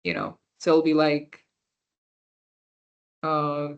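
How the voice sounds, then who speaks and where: The audio is dull as a young French workshop instructor of Punjabi background takes her beginner class slowly, her voice low and steady. She explains with patience and verifies that everyone understands.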